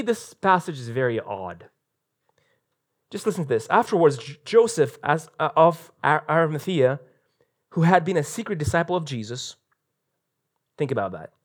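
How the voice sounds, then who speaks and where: High-voiced male pastor preaching live. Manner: animated storytelling, acting out quotes in voices. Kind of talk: live church sermon. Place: church sanctuary, recorded live.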